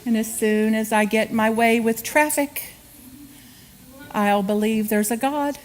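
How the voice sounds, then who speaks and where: A woman's voice: fairly high pitch, steady tone, unhurried, slight background noise. A woman guest speaker giving a humorous spiritual sermon in a church, acting out quotes and laughing often. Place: church sanctuary.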